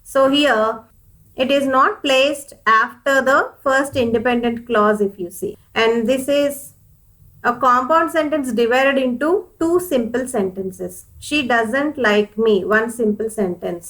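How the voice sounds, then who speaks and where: A woman with a slightly high voice walks through an English grammar lesson. She explains patiently, repeats each point and calls her viewers dears. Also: unhurried, fairly bright tone, poor audio.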